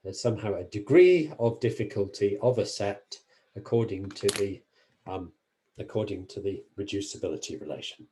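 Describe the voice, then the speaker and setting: Man, university lecturer, mathematics lecture, mellow warm voice, careful self-correcting delivery. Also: on the low side, lively intonation, moderate pace. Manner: careful, self-correcting explanations with frequent fillers.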